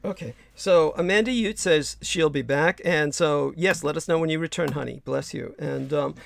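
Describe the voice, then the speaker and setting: Hoarse gravelly man hosting a livestream. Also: on the high side. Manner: halting, many fillers and restarts. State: hoarse, losing his voice. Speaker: livestream host. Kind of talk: casual livestream chat.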